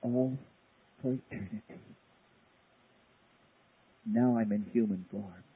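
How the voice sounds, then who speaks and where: A man preaching an impassioned sermon, swinging from hushed pleading to loud cries. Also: fairly low pitch, slow, slight background noise. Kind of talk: sermon on tape. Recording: tinny lo-fi cassette tape.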